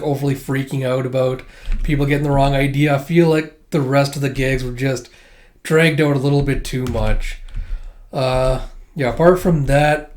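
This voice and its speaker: A man's voice: mid-range voice, a little mellow. A man giving a casual, rambling manga review, full of fillers and the odd swear. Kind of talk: casual commentary.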